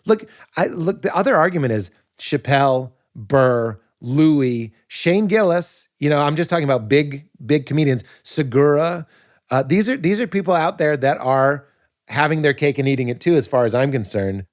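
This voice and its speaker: A man, a comedian and podcast guest, talking casually in an animated, riffing way and laughing at his own points. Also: fairly high pitch, moderate pace.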